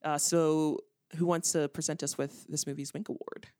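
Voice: medium pitch, flat delivery, normal speed, darkish tone, smooth, dry recording, clean studio sound. Wry podcast host running the segments. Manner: wry, sarcastic, runs the segments. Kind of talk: casual film review chat.

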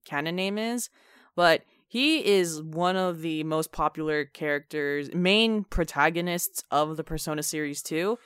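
A podcast co-host chatting casually about games, animated and full of fillers. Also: mid-range voice, measured pace, clean tone, no room sound, studio quality. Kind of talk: casual gaming chat.

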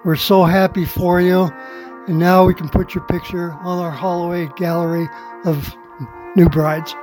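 A man's voice: high-pitched, flat delivery, unhurried, darkish tone. An older man, the groom's father, speaks a cheerful, earnest message of congratulations. Faint music plays behind him. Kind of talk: recorded well-wishing message.

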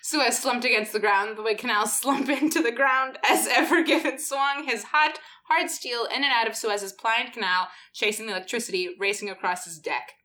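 Co-host, woman; bright, slightly high voice; reads aloud with a giggly mock-sultry delivery. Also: moderate pace, hardly any pauses. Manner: giggly, mock-sultry narration that breaks into laughter. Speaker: podcast co-host reading fan fiction. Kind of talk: comic dramatic reading.

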